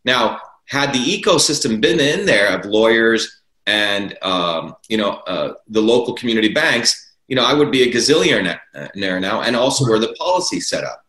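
A man's voice: lowish voice, animated, normal speed, sharp tone. Emphatic man in a roomy echo. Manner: emphatic, repeats key words for stress. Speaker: interview guest. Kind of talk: political argument in an interview.

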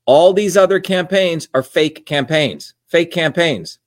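An older man from India talks in a combative, emphatic run. His pitch sits a touch high, and he hammers the same points again and again. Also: unhurried. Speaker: podcast host and candidate. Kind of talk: casual political monologue.

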